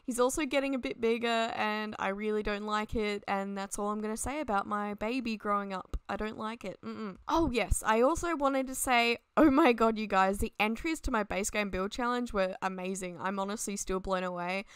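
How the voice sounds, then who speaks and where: A young woman rambles casually over a game speed build at her desk at home, laughing often as she goes. Her voice is smooth and clear. The recording is dry and close. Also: medium pitch, moderate pace, hardly any pauses, no room sound. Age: young adult. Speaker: Sims 4 builder and YouTuber.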